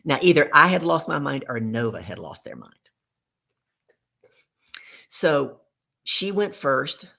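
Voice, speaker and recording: A middle-aged woman guest telling an animated story in an interview, acting out dialogue as she goes. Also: extremely low pitch, takes it slowly, vocal fry, long pauses. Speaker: guest speaker.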